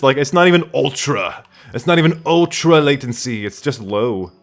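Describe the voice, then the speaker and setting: A man's voice: medium pitch, lively intonation, brisk, soft background music. A man streaming a game live from his room at home, rambling casually and answering chat questions aloud.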